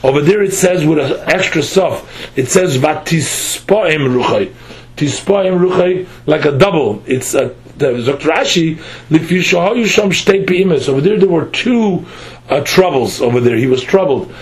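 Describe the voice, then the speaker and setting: On a low-quality recording, an expressive man with a somewhat high voice leads a text study class. Reading phrases aloud with a pronunciation, he gives line-by-line translations, frequently stopping and starting over.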